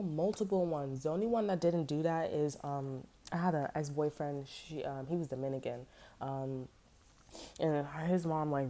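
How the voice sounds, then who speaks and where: A woman with a low, mellow voice talks loosely and unscripted, a tarot reader who drifts into blunt, profane asides full of "like" and "you know". Her speech has features, and she jumps between stories before circling back to the reading. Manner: blunt, profane, rambling storytelling with lots of fillers. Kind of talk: casual unscripted tarot chat.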